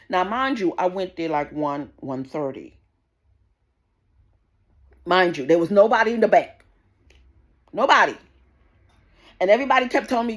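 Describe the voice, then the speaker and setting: A woman's voice: mid-range voice, expressive, normal speed, long pauses. A woman, ranting indignantly to camera, swearing often and repeating herself as she tells the story. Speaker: vlogger. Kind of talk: casual rant to camera.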